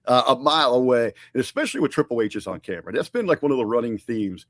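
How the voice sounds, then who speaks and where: A man's voice: medium pitch, animated, fast, fairly bright tone, dry recording, studio quality. A man co-hosting a podcast, reviewing in a casual, conversational way with frequent fillers and restarts. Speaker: podcast co-host.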